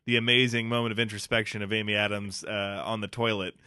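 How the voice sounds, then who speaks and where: A man's voice: on the low side, little pitch movement, quick pace, bright, forceful tone, clear, resonant tone, no room sound, studio quality. A man co-hosting a casual movie podcast, blunt and swearing freely, laughing at his own jokes. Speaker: podcast co-host.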